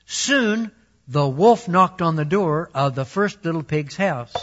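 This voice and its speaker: A man reading a children's story aloud in a slightly raised voice. He speaks very slowly and deliberately, taking each sentence in turn. The recording has a dull, lo-fi sound. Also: a little high, animated, a bit bright. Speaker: storyteller and Bible teacher.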